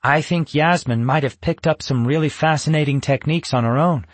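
A man voicing an anxious young boy in a storybook reading, talking earnestly and quickly. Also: on the high side, no echo, pitched above the performer's own voice, natural voice.

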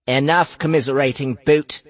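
A man's voice: mid-range voice, fairly even intonation, moderate pace, pitched above the performer's own voice, close to an everyday voice. A man reading an audiobook voices a stern, impatient commanding figure who scolds brusquely. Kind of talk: audiobook character voice.

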